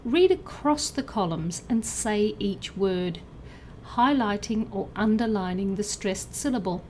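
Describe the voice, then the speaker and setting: A woman narrating a scripted pronunciation lesson, enunciating each example word clearly and carefully. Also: mid-range voice, expressive, unhurried, a little mellow, a little hiss or hum. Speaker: pronunciation teacher.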